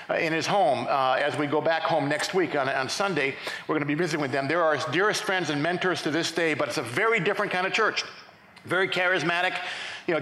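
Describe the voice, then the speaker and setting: A middle-aged male pastor telling his testimony in a lively sermon, often restarting his sentences. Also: fairly high pitch. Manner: animated storytelling with repeated restarts. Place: large church sanctuary. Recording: echoey church hall.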